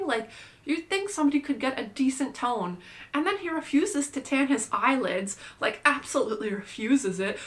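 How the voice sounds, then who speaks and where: A young woman chats on her vlog in a loose, wandering way, peppering every thought with "like." Her voice is bright and sits a touch above the usual pitch. She sounds playful and irreverent as she talks. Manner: chatty, says "like" constantly, playful and irreverent. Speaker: vlogger. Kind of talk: casual rambling monologue.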